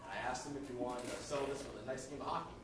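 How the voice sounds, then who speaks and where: A man's voice: medium pitch, racing, heavy background noise, close to an everyday voice. An improviser putting on a Canadian accent as a friendly, easygoing guy who meanders along. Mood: chummy. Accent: Canadian (put on). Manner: chummy, meandering. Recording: echoey club from far off.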